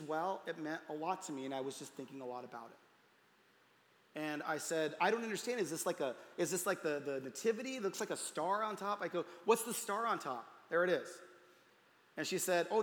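A man in his thirties, a pastor telling a family story in a sermon, voicing the people he quotes and dropping to a hush at tender moments. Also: a little high. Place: church hall. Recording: roomy hall reverb.

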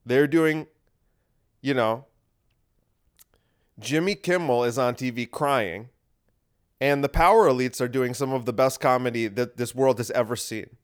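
A man's voice: medium pitch, a little slow, long pauses, clean tone. A man hosting a podcast, talking in a casual, wry and rambling monologue that circles back and repeats itself. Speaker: podcast host.

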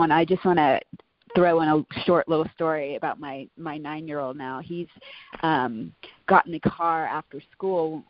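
A woman's voice: deep voice, dry recording, muffled recording. A woman in her thirties, a podcast guest, talking in a heartfelt, chatty way with many "you know"s. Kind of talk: casual interview chat.

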